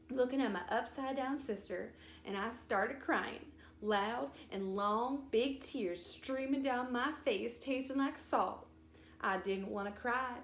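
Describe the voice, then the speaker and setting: Woman reading a folksy storybook aloud. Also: medium pitch. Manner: folksy, expressive. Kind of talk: storybook read-aloud, first-person child narrator. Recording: roomy echo.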